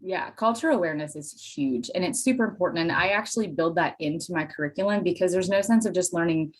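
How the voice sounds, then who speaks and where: An enthusiastic woman from Pennsylvania tells stories as a podcast guest, full of self-deprecating asides. Her voice sits a little low for a woman. She talks like a lively teacher who loves her subject. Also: fast talker. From Pennsylvania, USA. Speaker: guest, Spanish teacher and dairy farmer. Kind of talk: casual interview chat.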